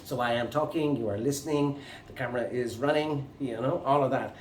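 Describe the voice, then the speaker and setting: A man's voice: medium pitch, a little hiss or hum. Irish man teaching grammar, echoey room. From Ireland. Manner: halting, with many fillers and restarts. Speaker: English teacher. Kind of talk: grammar lesson to camera. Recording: echoey room, mic at a distance.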